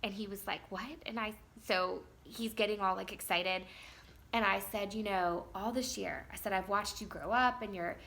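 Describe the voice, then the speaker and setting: Mom vlogger, woman, 30s, bright edgy tone, casual rambling storyteller. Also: mid-range voice, steady tone, moderate pace, vocal fry. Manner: chatty, rambling, many fillers.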